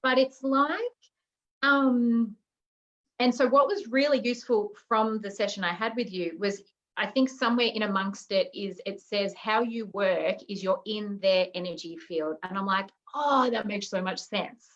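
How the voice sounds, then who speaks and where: A woman naturopath talks about her healing work in a casual interview over a video call. Her voice sits at a middle pitch and comes through dull and lo-fi. She sounds earnest and searching, and pauses often on fillers. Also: steady tone, fairly bright tone. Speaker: guest, naturopath healer.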